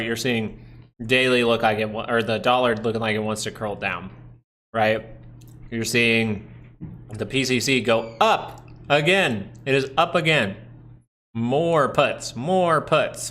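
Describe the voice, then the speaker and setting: A man's voice: on the low side, bright, forceful tone. A man hosting a live stock market stream from home, talking casually through charts, thinking aloud and answering viewers. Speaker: stock market livestream host.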